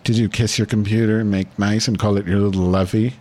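A man's voice: fairly low pitch, level tone, fast, warm tone. A man hosting his own podcast, swearing constantly and insulting a caller in a crude, abrasive way. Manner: foul-mouthed, abrasive, mock-insulting. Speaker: podcast host. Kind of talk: crude profane call-in chat.

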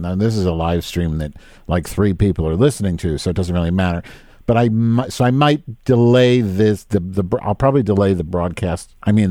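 A man's voice: deep voice, mellow, dry recording. Podcast host, male, fifties, profane exasperated rant, dry close sound. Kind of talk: casual live-stream rant.

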